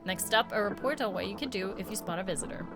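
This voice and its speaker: A woman reading a game's news broadcast as a formal, even announcer. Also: mid-range voice, fast talker, natural voice. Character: calm official radio announcer. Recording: game music behind.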